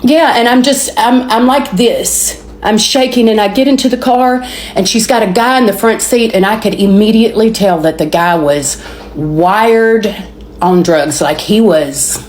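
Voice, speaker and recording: With a mid-range, somewhat dark voice and a Southern American accent, a woman shares an emotional personal testimony in a storytelling manner. She stumbles, repeats and restarts words, and leaves dramatic pauses. The recording sounds roomy and echoey.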